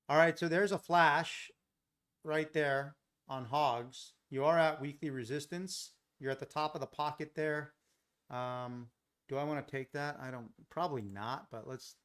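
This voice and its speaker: A middle-aged American man from Los Angeles runs a live trading stream in a casual, rambling way. He thinks out loud and answers viewers in the chat, recorded on a desk mic in a home office. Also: medium pitch. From Los Angeles, USA. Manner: chatty, thinks aloud, talks to chat viewers.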